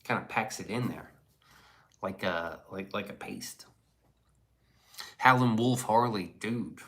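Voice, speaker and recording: A man's voice: lowish voice, takes it slowly, fairly bright tone. A man streaming live, reading chat messages aloud and riffing on them in loose, profane, casual talk.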